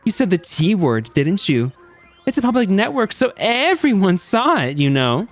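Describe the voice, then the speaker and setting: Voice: medium pitch, very animated, moderate pace, faint music behind, pitched above the performer's own voice. A streamer voicing a gleeful, sadistic game-show host in a game, with mocking showman patter. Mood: taunting. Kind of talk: reading game dialogue aloud.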